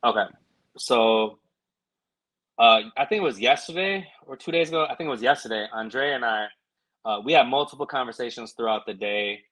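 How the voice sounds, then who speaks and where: A man's mid-range, slightly bright voice moves fairly quickly on a rough recording. Co-hosting a podcast in casual chat, he tells a personal story earnestly and reflectively, with plenty of fillers.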